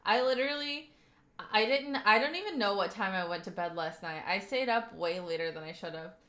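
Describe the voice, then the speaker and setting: A woman's voice: medium pitch, brisk, fairly bright tone. A young woman from Kentucky, livestreaming and chatting with her viewers in a rambling way full of fillers. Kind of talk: casual stream chat, reading chat aloud. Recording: roomy echoey home room.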